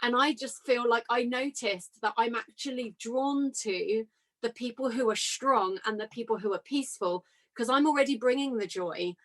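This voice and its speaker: Enthusiastic woman podcast host, slightly high. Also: normal speed. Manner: enthusiastic, animated storytelling. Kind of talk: casual podcast interview.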